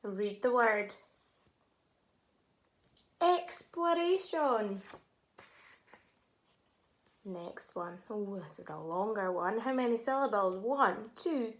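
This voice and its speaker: Slow, bright-voiced woman teaching phonics. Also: on the high side. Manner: sounds words out syllable by syllable, encouraging praise. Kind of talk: slow, clear phonics lesson for young children.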